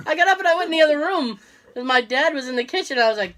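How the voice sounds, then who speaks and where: A woman's voice: high-pitched, very fast. A woman co-hosting a casual podcast, sick with a cough, telling a story with lots of laughs and quoted voices. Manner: animated storytelling, acting out quotes, laughing often. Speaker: podcast co-host. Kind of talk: casual chat.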